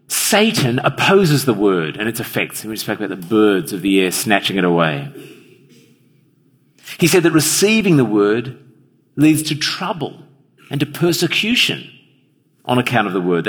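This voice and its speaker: Husky-voiced preacher in a reverberant hall. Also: male voice, mid-range voice. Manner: earnest, asks the listeners questions directly. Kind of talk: evening sermon. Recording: long reverb of a large hall.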